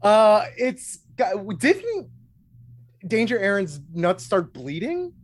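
A man trading jokes on a casual movie podcast, his voice rising and falling with lively swings. His talk is loose, and he swears freely. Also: high voice, slow pace. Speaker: podcast co-host. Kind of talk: casual chat.

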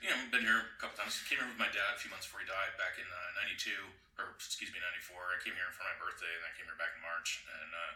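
A man chatting casually, telling rambling, animated stories about his film plans. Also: low voice, racing, hardly any pauses. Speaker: guest filmmaker. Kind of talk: casual chat. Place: casino hotel in a city. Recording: echoey room, mic at a distance.

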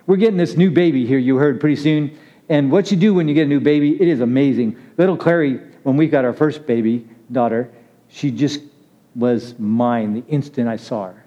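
With a dark tone and a medium-pitched voice, a preacher gives an easygoing sermon that feels like conversation. He chats, laughs, and calls on listeners by name, and the audio is muffled and lo-fi.

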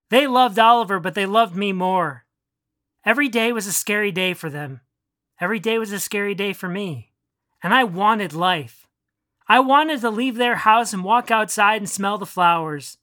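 A narrator earnestly reading a first-person story aloud in a measured way. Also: medium pitch, bright, forceful tone, no echo, clean studio sound.

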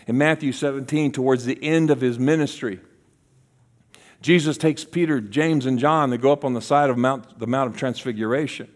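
A man preaching a sermon as a guest speaker, acting out voices in his stories and dropping to a hush for key lines. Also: medium pitch, moderate pace. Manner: animated, acts out voices in quotes, drops to a hush for key lines.

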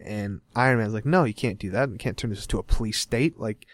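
A young man with a low voice talks fast as a podcast host, energetically recapping a comic book in casual chat. He acts out the characters' lines as he goes. The recording is dry, with no echo.

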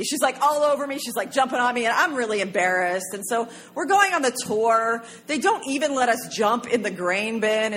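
A woman from Pennsylvania telling a personal story on stage, chatty and animated, with many "like" fillers. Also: high-pitched, moderate pace. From Pennsylvania, USA.

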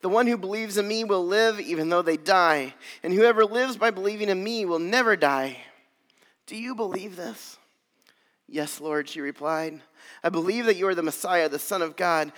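Guy preaching a sermon, earnest, high voice, long church reverb. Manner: earnest preaching, swelling louder on key phrases. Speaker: pastor.

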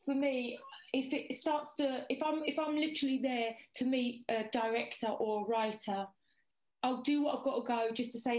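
A woman in casual chat, telling stories in a chatty, animated way. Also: high voice, moderate pace. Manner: chatty, animated storyteller, lively asides. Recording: echoey room.

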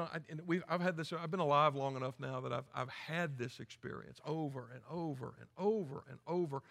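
Blunt pastor with a gravelly voice. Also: male voice, on the high side. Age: 50s. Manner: blunt, folksy, swings from quiet asides to loud preaching. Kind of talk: sermon. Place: large church sanctuary. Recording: echoey church hall.

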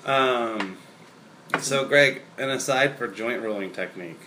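A man's voice: mid-range voice, a little slow, background noise. A young man in casual, joking chat with fellow comedians, rambling and self-deprecating.

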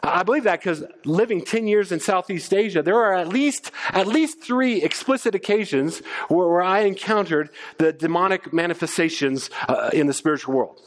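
A middle-aged man preaching a sermon as pastor, animated, often stammering on restarts. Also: high voice, moderate pace, hardly any pauses. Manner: animated, stammers on restarts, acts out quoted voices.

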